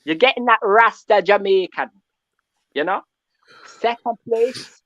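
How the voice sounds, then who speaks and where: A man's voice: high voice, a little slow, fairly bright tone, no room sound, muffled recording. A man calling in to a fan show, ranting and tagging his points with "yeah?". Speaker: caller. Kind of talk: call-in fan rant.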